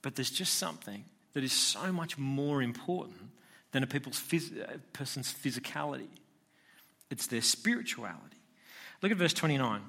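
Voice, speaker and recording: A man's voice: medium pitch, lively intonation, normal speed, gravelly, pushed and bright. A man preaching a sermon in a conversational style, posing rhetorical questions to his listeners. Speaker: pastor.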